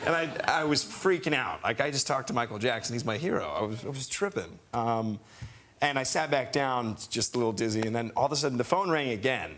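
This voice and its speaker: A man in his thirties, a guest on a television talk show, telling an excited, rambling story with many restarts. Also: mid-range voice, brisk. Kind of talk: casual anecdote. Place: television studio.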